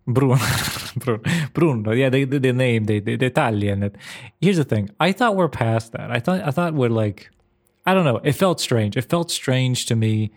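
A man's voice: mid-range voice, lively intonation, normal speed. A man co-hosting a podcast in casual chat, asking lots of questions and repeating words as he works out his thoughts. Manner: inquisitive, hesitant, repeats words while thinking. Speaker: podcast co-host.

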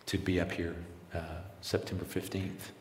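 Speaking at a normal pace in a low monotone, a forties-aged missionary pastor shares a personal story during an interview. He's earnest, quotes what people said, and keeps restarting sentences. The sound is roomy with a long reverb tail and slight hiss or hum.

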